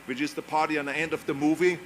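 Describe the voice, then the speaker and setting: Austrian-accented man, motivational speaker, emphatic and repetitive, slightly raised pitch. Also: little pitch movement, quick pace, fairly bright tone, a little hiss or hum. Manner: emphatic, repeats phrases for weight. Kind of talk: motivational speech.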